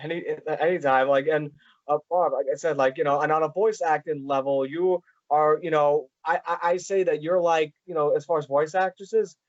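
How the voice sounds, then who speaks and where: Male podcast host, halting and eager, dull lo-fi sound. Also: fairly high pitch, steady tone, dry recording. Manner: halting, many "like" fillers and restarts. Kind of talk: casual interview chat.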